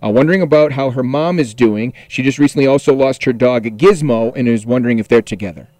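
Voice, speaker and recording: A man's voice: mid-range voice, fast, a little mellow, dry recording. Casting: upbeat man hosting a radio call-in, mid-range voice, dry close studio mic. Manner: upbeat, announces texts and station plugs. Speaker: radio host.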